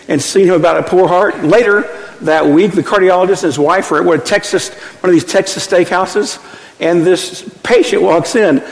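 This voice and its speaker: Male pastor, folksy storytelling sermon, high voice, hall reverb. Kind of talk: sermon with scripture reading.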